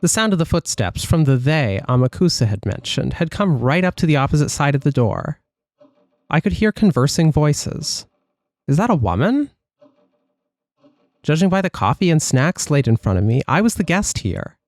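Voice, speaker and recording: A man's voice: a little high, very animated, moderate pace, darkish tone, dry recording. A man reading a visual novel aloud, voicing a confused young woman in a plain, puzzled way. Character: confused young woman waking in a strange parlor.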